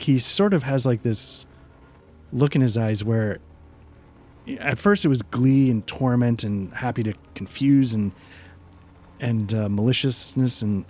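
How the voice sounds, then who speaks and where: A man narrating as game master in a loose, halting way, full of fillers. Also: medium pitch, darkish tone.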